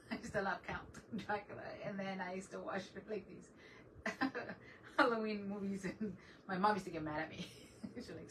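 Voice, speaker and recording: A middle-aged woman hosts a relaxed DIY craft livestream, chatting with viewers and laughing a lot while she works. Her mid-range voice sounds pushed and bright. She's a little far from the mic, with faint noise in the background.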